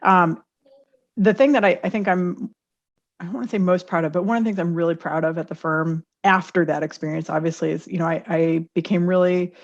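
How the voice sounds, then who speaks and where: A woman with a lowish voice speaks as a podcast guest, thoughtful and searching, often pausing or restarting mid-thought. Her audio is dull and lo-fi. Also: fairly even intonation. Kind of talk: casual panel discussion.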